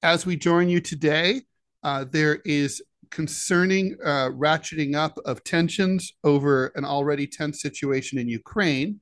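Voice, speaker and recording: A man co-hosting a political podcast, his voice sitting a little higher than most men's. He talks in a halting way and fills his pauses with "uh". The sound is close and dry, with no room around it. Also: fairly bright tone, no echo. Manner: halting delivery with many "uh" fillers. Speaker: podcast co-host, editorial cartoonist.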